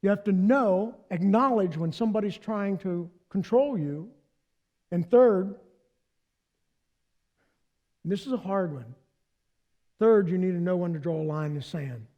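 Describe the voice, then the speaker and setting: A man preaching a sermon as pastor, animated and playful, talking directly to the congregation. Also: high voice, a little slow, long pauses.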